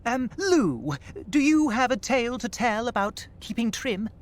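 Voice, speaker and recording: A man's voice: extremely high pitch, expressive, measured pace. An actor playing a pompous, posh, old-fashioned male presenter with a plummy, fussy manner in a radio comedy. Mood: prim.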